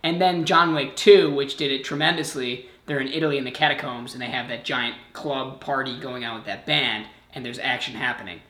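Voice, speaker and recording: Man, podcast co-host, exclamatory, bright tone, echoey room. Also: mid-range voice, steady tone. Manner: exclamatory, quick to laugh and complain. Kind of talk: casual movie-review chat. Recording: roomy echo.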